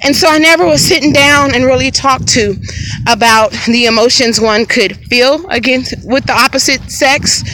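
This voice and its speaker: Bright high-voiced woman telling her story. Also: a little hiss or hum, rough recording. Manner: frank and conversational, addresses viewers directly. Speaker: family vlogger. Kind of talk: candid personal storytelling. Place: outdoors by a lake.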